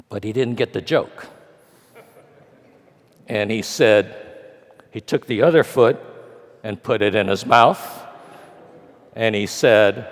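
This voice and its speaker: A man's voice: fairly low pitch, lively intonation, a little slow, pauses often. Wry older man in an echoing hall. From California. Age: 60s. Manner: wry, dry humor, acts out dialogue. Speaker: lecturer. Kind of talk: storytelling lecture. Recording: long reverb of a large hall.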